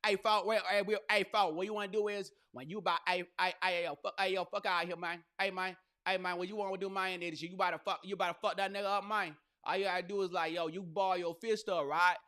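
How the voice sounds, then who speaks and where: A man putting on a brash young Southern guy with an Atlanta accent who gives loud, profane fight tips and stumbles over his words. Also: sits high, flat delivery, quick pace, hardly any pauses, voice pushed up. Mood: rowdy.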